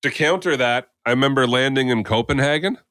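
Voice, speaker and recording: A Canadian man co-hosting a podcast, talking through travel stories in a relaxed, chatty way. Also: mid-range voice, brisk, no echo. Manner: relaxed anecdotal travel talk. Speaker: podcast co-host. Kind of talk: casual chat.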